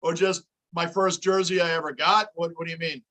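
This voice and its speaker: A middle-aged man hosts a sports fan livestream, cheering on the players and answering viewer questions as they arrive in a casual, animated fan reaction chat. His voice is high, bright and forceful, and he speaks briskly while reading comments aloud.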